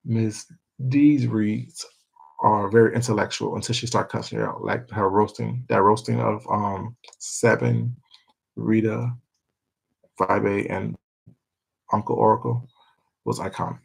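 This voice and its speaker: A man's voice: lowish voice, fairly even intonation, slow, gravelly, long pauses, breathy edge, low-quality recording. A man chatting casually with his viewers on a stream, rambling, laughing and swearing freely. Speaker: livestreamer.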